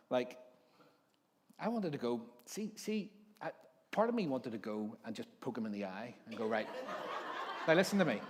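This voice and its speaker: Northern Irish pastor in a reverberant hall. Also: male voice, mid-range voice. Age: 40s. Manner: jokey storytelling, acts out overheard voices. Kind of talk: conversational sermon. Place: church hall.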